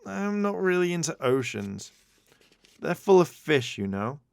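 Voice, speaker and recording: A man's voice: a little high, sing-song, a little slow, gravelly, dry recording, pitched above the performer's own voice, exaggerated voice. A man voicing a timid, nerdy teenage boy in a storybook reading, with fussy wording.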